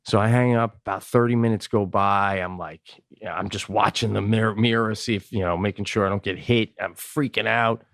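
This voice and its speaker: A man's voice: on the low side, a little fast, few pauses, dry recording, studio quality. A man hosting a podcast, telling a comedic story with lots of swearing and acted-out voices. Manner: animated, profane, acts out quoted voices; swears often. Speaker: podcast host.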